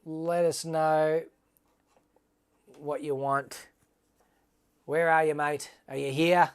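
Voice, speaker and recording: A man's voice: a little high, level tone, takes it slowly, clean tone. Chatty man hosting a livestream. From Australia. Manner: chatty, calls viewers mate, upbeat. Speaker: livestream host. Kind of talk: casual livestream giveaway chat.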